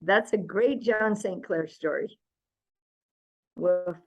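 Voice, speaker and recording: A woman storyteller chatting warmly and appreciatively with a friend over a video call. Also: on the low side, slow pace. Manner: warm, appreciative listener. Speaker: fellow storyteller. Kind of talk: casual chat.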